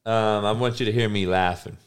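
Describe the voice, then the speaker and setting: A man's voice: lowish voice, steady tone, brisk, very noisy. A man in a crude, heated casual rant, swearing constantly.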